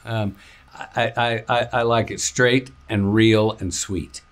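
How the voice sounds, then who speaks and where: A man's voice: fairly low pitch, fairly even intonation, takes it slowly. An older man, an actor guest in an interview, talking in a laid-back, easygoing way and chuckling often. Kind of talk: casual interview chat.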